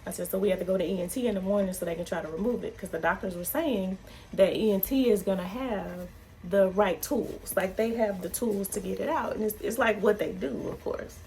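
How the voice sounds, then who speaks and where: Woman vlogger, thirties, casual story time, lively quoting, slight fry, mid pitch. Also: fairly quick, a little hiss or hum. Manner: animated, acts out quotes with big pitch jumps.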